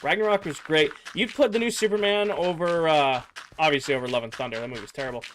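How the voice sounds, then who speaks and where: Fast-talking and fairly high-pitched, this young gamer rambles to his stream audience, stuffing his casual chat with filler and replying to viewers' messages. His tone is a bit bright, his voice slightly giving out, and faint background noise sits behind him.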